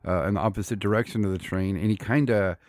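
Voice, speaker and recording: A man's voice: lowish voice, quick pace, a little mellow, no echo. A man co-hosting a podcast in easygoing casual chat, laughing along with his friend. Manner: easygoing, laughs along, calls him dude. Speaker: podcast co-host.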